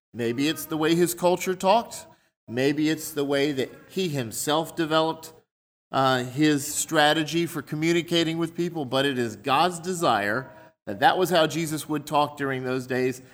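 A man's voice: on the high side, moderate pace. A man preaching a sermon in a conversational way, explaining his points through everyday examples.

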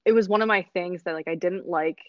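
A woman's voice: lowish voice, quick pace, no room sound, highs cut off. A young American woman chatting casually with friends, full of fillers. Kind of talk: casual chat.

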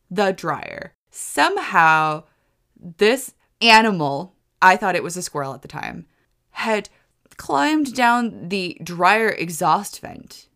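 Low-voiced woman telling a rambling story. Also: gravelly, fairly bright tone. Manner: rambling, chaotic, stumbles over words; swoops high for quoted exclamations. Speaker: podcast host. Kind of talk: casual storytelling.

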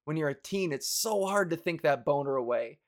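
A man's voice: a little high, expressive, a little fast. Profane rambling man ranting to viewers. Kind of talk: casual rant to viewers.

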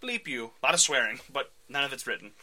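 A man hosting a casual podcast, retelling a comic book in an animated way and laughing often. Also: mid-range voice, rapid-fire, slight background noise. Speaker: podcast host.

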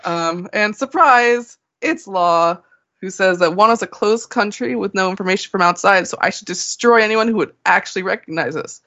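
A woman contributing to a podcast, recapping a comic chapter in casual chat with brisk, wry asides. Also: medium pitch, bright, forceful tone, highs cut off.

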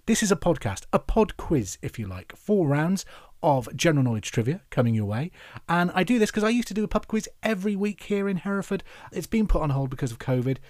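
A man from England hosting a trivia podcast, chatty and upbeat, reading out each question slowly and then again. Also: a little high, darkish tone, dry recording, clean studio sound. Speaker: quiz host.

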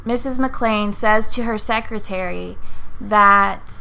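Bright-voiced woman co-hosting a film chat. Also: mid-range voice, slow, vocal fry, clear, resonant tone. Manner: playful, teasing. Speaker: podcast co-host. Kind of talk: casual movie chat.

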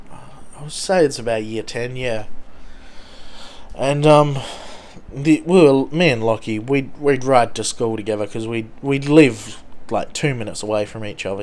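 A young Australian man telling a rambling, swear-heavy story from his school days in a casual way. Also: mid-range voice.

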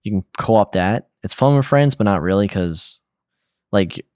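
Deep-voiced laid-back young man. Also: measured pace, no echo, clean studio sound. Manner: relaxed, rambling, lots of fillers and slang. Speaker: podcast co-host. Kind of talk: casual gaming podcast chat.

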